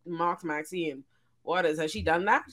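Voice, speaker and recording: A woman on a casual panel chat, animated and profane, laughing often as she talks. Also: lowish voice, measured pace.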